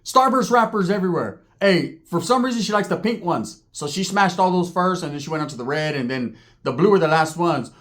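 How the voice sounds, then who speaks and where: High-voiced streetwise storyteller. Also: male voice, fairly quick, few pauses. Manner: streetwise, slangy, animated. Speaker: comedic storyteller, channel host. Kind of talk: profane comedic storytelling.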